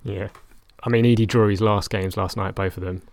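A man's voice: lowish voice, steady tone, fairly quick, darkish tone. A young man talking casually about his football management game, rambling and correcting himself with a wry tone. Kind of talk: casual chat.

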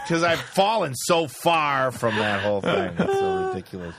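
A man's voice: a little high, huge pitch swings, moderate pace, crowd noise. A man in his fifties in casual comedic chat, telling profane, self-mocking stories about getting older. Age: 50s.

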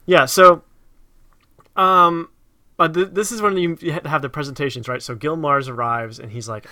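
A man co-hosting a casual film discussion, animated and laughing as he talks. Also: a little high. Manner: animated, laughing, quick to agree. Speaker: podcast co-host.

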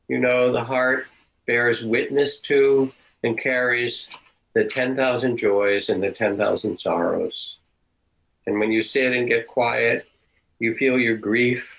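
An older man giving a dharma talk as a meditation teacher, telling stories in a gentle, unhurried, reflective way. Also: medium pitch, creaky, low-quality recording.

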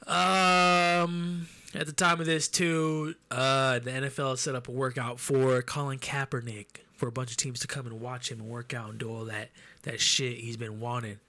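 This podcast host's mid-range voice is bright and forceful. He keeps the sports talk loose and casual, full of profanity.

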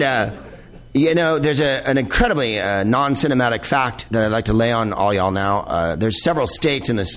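A male comedian riffs in front of a live audience, rambling and swearing as he drifts from one tangent to the next. His voice sits at an ordinary middle pitch, and his delivery is loose and digressive. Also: fairly bright tone. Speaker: comedian host. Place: live venue in Los Angeles with audience.

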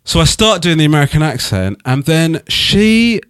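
A man's voice: a little high, big pitch swings, normal speed, clear, resonant tone, no room sound. British guy rambling through a story on a podcast, swears a lot, dry close sound. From England. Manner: swears freely, rambling anecdotes with "do you know what I mean". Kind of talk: casual podcast chat, storytelling.

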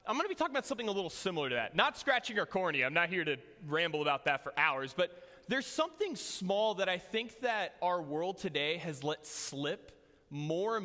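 A man's voice: fairly high pitch, pushed and bright. A young man preaching a sermon in a casual, joking way, telling a personal story to his church. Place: church hall. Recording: long hall reverb.

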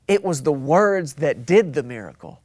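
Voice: mid-range voice, animated, moderate pace, a little mellow, no room sound, studio quality. A pastor preaching a sermon, emphatic and repetitive, drawing out key words for weight.

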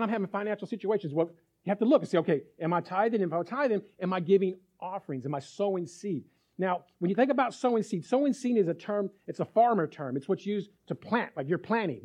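A man preaching a sermon as pastor, animated, acting out little dialogues and asking his listeners if they follow. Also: high voice. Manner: animated, acts out little dialogues, asks the crowd.

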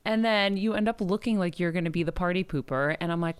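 A woman's voice: on the low side, fast, hardly any pauses, clear, resonant tone, no room sound. A woman radio host telling a story in casual chat, giggling often, using lots of fillers and acting out her own reactions. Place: radio studio.

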